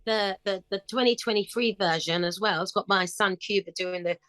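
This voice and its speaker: A middle-aged woman talks in an interview with a chirpy, upbeat manner and brings her stories to life. Her voice sits at an everyday pitch. The recording is close and dry, with no room sound. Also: normal speed, no echo. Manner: chirpy, upbeat, animated storytelling. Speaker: guest singer. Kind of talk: casual interview chat.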